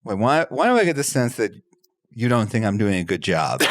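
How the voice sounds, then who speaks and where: A man co-hosting a comedy podcast, talking in casual, jokey banter. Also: fairly low pitch. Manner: animated, jokey, puts on silly voices. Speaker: podcast co-host. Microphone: remote call from a virtual room.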